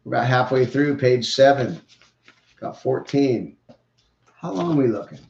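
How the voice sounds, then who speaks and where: A man's voice: mid-range voice, expressive, measured pace, gravelly, a little mellow. A man hosting a podcast, giving opinionated, rambling, joking sports commentary. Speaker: podcast host. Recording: roomy, dull lo-fi sound.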